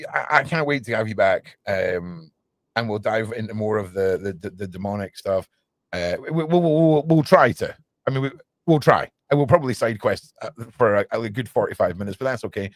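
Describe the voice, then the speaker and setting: A man hosting a casual livestream chat, rambling and joking excitedly. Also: mid-range voice, no echo. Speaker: podcast host.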